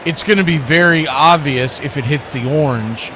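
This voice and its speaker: A man hosting radio baseball play-by-play, mixing chatty opinions between pitch calls and lifting his voice for big plays. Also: moderate pace. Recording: noisy background.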